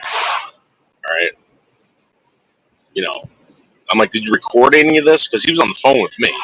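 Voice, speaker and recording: A man streaming to his viewers rambles through a long story, cursing freely and acting out the voices of the people in it. His voice is very bright and sharp. It sounds dry and close to the mic. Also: fairly low pitch, slightly rough, no room sound, poor audio. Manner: rambling, profane, acts out voices in retelling.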